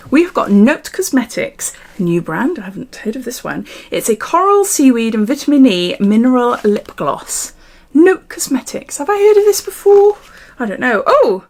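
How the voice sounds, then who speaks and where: A middle-aged British woman chatting casually through a beauty unboxing, recorded on a phone at home, thinking aloud and chuckling often. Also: on the high side. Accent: British English. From United Kingdom. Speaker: beauty vlogger.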